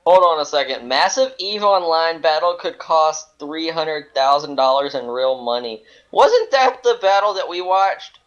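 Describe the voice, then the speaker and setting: A man's voice: fairly high pitch, lively intonation, measured pace, hardly any pauses, a bit bright, dull audio. A man co-hosting a casual gaming show, rambling playfully and restarting his sentences. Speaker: podcast co-host. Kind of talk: casual banter about games.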